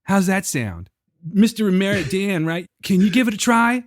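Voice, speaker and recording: A man voicing a mellow, flowy male retreat guru with an airy, soothing manner. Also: sits high, lively intonation, normal speed, no room sound, clean studio sound, voice pushed up. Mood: mock serene.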